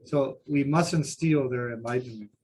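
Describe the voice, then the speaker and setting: A man's voice: mid-range voice, unhurried, a little mellow, a little hiss or hum. A man who teaches Buddhism, sharing anecdotes with self-deprecating humor in a group discussion at a seminar.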